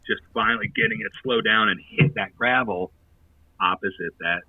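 A man's voice: on the low side, normal speed, no room sound, recorded from a distance, phone-quality sound. A man who plays in a touring band telling a long, rambling anecdote in casual chat, laughing often and using lots of fillers.

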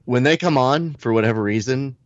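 A man co-hosting a comedy podcast, talking casually in a deadpan, mock-serious way. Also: medium pitch, fairly quick, dry recording, highs cut off. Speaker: podcast co-host.

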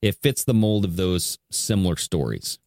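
A man's voice: low voice, big pitch swings, normal speed, a little mellow, no room sound, clean studio sound. A man hosting a podcast, explaining a clip he has just played and checking in with his listeners. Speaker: podcast host.

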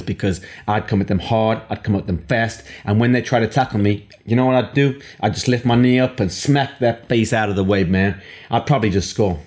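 Brief: a man putting on a swaggering American know-it-all, American accent, low voice, bragging. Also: a little mellow, close to an everyday voice. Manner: boastful, swaggering. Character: cocky American man who thinks he's a rugby expert.

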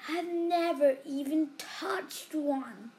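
A woman doing an excitable envious schoolboy. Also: very high-pitched, unhurried, a little hiss or hum, full character voice. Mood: excited.

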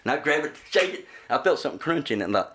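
A very animated, fast-talking man with a slightly high voice shares casual anecdotes as a guest musician. Hailing from Oklahoma, he laughs through his stories and doesn't hold back on profanity. There's a roomy echo and faint noise in the background.

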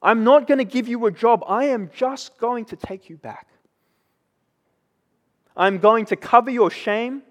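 A man preaching who voices a forgiving father welcoming his son home, gentle and reassuring. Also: very high-pitched, a little slow, pauses often, big-room sound. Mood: tender.

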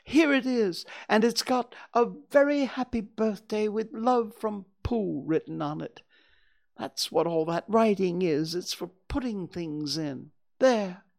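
A woman's voice: medium pitch, unhurried, vocal fry, darkish tone. A woman voicing a friendly, simple-minded male bear who explains things earnestly. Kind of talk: storybook reading.

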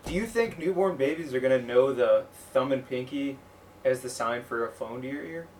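Male comedian guest, playful riffer, mid pitch, distant mic with faint background noise. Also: expressive, moderate pace, a little mellow. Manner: playful, riffs on odd ideas, asks many questions. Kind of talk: casual comedy chat.

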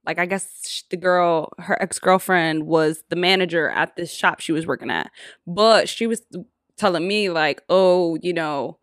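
A woman co-hosting a podcast, telling a story in a casual, animated and profane way, with acted-out quotes. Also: lowish voice, moderate pace, no room sound, clean studio sound. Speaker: podcast co-host.

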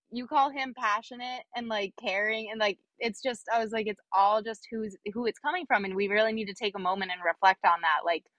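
A woman's voice: medium pitch, dry recording, highs cut off. A young adult woman, a podcast guest, telling a workplace story in casual chat, acting out quoted dialogue with lots of fillers. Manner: animated, acts out quoted dialogue, many fillers.

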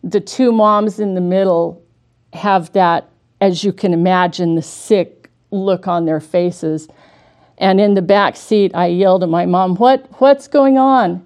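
A woman's voice: on the low side, steady tone, measured pace, a little mellow. A middle-aged woman telling a personal faith story in an earnest, conversational way. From Washington state, USA. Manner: earnest and conversational, with small restarts. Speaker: speaker giving a devotional talk. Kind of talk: heartfelt devotional storytelling.

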